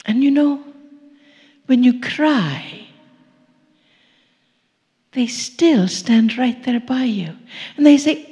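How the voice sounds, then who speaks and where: A woman's voice: on the high side, expressive, takes it slowly, creaky, pauses often, dark tone. A woman giving a channeled spiritual talk in a playful, coaxing manner, with chuckling asides. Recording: long reverb in a hall.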